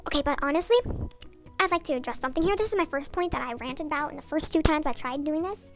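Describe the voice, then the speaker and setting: A woman's voice: fast talker, faint music behind. A young woman ranting sarcastically and rambling off-topic late at night in her bathroom, her voice digitally sped up. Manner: rambling, sarcastic, off-topic, with swearing and mock outrage. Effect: voice digitally sped up and pitched up. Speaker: YouTuber. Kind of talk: late-night rant vlog.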